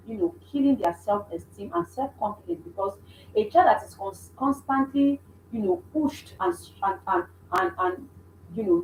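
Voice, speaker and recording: A woman's voice: on the high side, slight background noise. Earnest woman coaching parents, echoey room. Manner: earnest, repeats points, frequent restarts. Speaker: mother. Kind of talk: instructive parenting talk.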